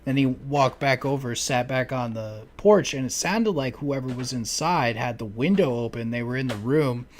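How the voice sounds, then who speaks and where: A man's voice: normal speed, few pauses. Rambling, profane young man. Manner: rambling, profane, heavy use of "like"; mimics neighbors in loud high-pitched voices. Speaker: podcast co-host telling neighbor stories. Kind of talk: casual chat.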